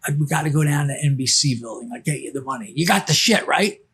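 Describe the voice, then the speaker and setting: A loud, obnoxious male comedian who pushes for what he wants and repeats himself, put on by a man telling a story. The voice drops well below the teller's own pitch and turns gruff and insistent. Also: lively intonation, fast, heavily acted. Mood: pushy. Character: brash pushy male comedian wanting cocaine.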